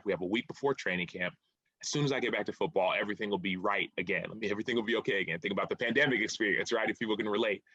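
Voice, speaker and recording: A man's voice: lowish voice, bright, forceful tone, dry recording, low-quality recording. A man in his thirties, an author and former football player, telling his story in an interview in an earnest, reflective way and often repeating phrases.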